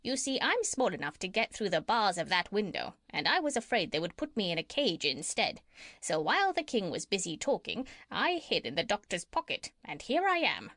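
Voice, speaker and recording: A clever, bossy parrot who talks briskly and sure of herself, put on by a woman reading a storybook. The voice sits in a middle range and sounds close and dry. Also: mid-range voice, sing-song, fairly bright tone, no echo. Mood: explaining. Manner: brisk and self-assured.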